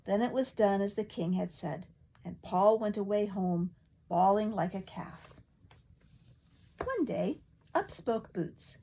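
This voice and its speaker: An older woman reading a fairy tale aloud in a lively, expressive way. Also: medium pitch, takes it slowly, long pauses, slight background noise. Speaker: storyteller.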